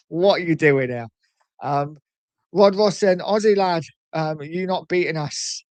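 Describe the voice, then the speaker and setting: A man hosting a casual livestream, reading out viewer comments in a chatty, animated way with frequent ums. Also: a little high, unhurried, no room sound. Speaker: livestream host reading chat. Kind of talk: casual live chat.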